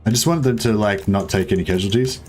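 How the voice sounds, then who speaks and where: With music playing behind him, this young man talks fast in a fairly low voice. He's a gaming streamer doing loose let's-play commentary on a strategy game, rambling, joking around with his audience and cursing here and there.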